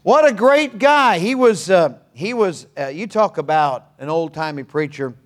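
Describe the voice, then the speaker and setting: A man's voice: sits high, lively intonation, measured pace. An older man preaching a sermon in a folksy, earnest way, with humorous asides. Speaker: pastor.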